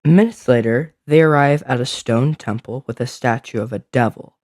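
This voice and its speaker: A man's voice: mid-range voice, moderate pace, a little mellow, no room sound, clean studio sound. A man narrating a fantasy adventure story, describing scenes with small slips.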